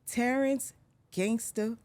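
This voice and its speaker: A woman's voice: fairly high pitch, steady tone, takes it slowly, darkish tone. A woman hosting a podcast interview in a playful, teasing manner. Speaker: podcast host.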